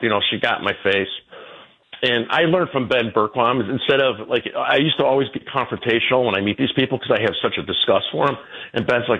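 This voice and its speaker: Heard through dull audio, a man in his sixties speaks fairly quickly with a breathy edge as a radio show guest. The conversation is casual; he rambles through his stories, repeats himself, and puts on a high voice to quote others.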